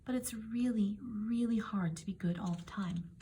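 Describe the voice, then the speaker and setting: A woman voicing a chattery, dramatic orphan girl with red hair, talking in a breathless, often soft and whispery way. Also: mid-range voice, moderate pace, slight background noise, lightly acted. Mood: dreamy, sighing.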